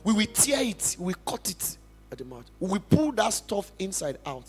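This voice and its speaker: High-voiced Nigerian man preaching passionately. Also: big pitch swings, moderate pace, slightly rough, faint music behind. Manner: emphatic, passionate preaching with big swings in loudness. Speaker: pastor. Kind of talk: sermon testimony. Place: church.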